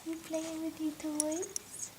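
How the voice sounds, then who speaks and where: Mom doing slow high baby talk, sing-songy, home camcorder with noise behind. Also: female voice, completely flat delivery. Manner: cooing, sing-song, repeats questions, laughs often. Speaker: mother talking to her baby. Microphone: home video camera held by someone else. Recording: home video with clear background noise.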